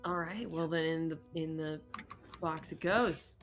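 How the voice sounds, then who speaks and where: A woman playing in a tabletop game, answering softly and briefly. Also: low voice, measured pace, faint music behind. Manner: soft-spoken, brief replies. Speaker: player. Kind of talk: casual tabletop play.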